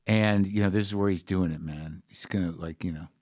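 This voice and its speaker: A man's voice: sits low, steady tone, brisk, darkish tone, dry recording, clean studio sound. A middle-aged man telling a long, rambling story in casual chat, profane and full of fillers. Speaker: guest comedian.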